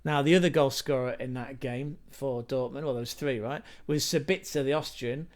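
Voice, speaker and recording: A man's voice: mid-range voice, normal speed. A man hosting a football channel, talking through stats in a chatty, rambling way with asides to viewers. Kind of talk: casual football stats commentary.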